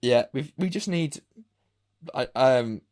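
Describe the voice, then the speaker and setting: Brief: male host, mid-pitched with animated intonation, chatty and quick to laugh. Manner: laughs easily, chatty and rambling. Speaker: podcast host. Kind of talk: casual chat.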